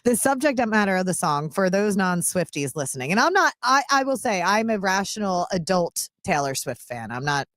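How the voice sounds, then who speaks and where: A woman with a Philadelphia accent hosts a casual sports radio show. Her pitch swings widely as she talks, and she laughs easily between quick asides. The sound is close and dry. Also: very animated, fairly bright tone, no echo.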